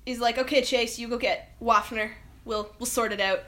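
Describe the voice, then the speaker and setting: A woman's voice: fairly high pitch, steady tone, fairly bright tone. A woman co-hosting a casual podcast, wryly recapping a film and quoting its characters. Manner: wry, quotes characters in quick voices. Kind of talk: casual chat.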